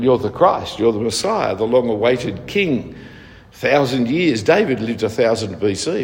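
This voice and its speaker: Man, preacher, conversational sermon, rhetorical questions, long hall reverb. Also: medium pitch.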